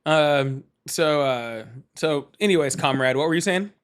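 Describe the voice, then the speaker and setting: A man's voice: a little high, clear, resonant tone. Teasing male talk show host. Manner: teasing, joking, quick and casual. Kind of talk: live call-in talk show.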